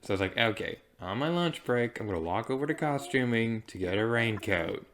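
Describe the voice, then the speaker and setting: A woman's voice: rumbling low, expressive, fairly quick. A woman hosting a let's play, chatting casually and rambling off on tangents with giggly, self-deprecating asides. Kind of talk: casual gameplay commentary.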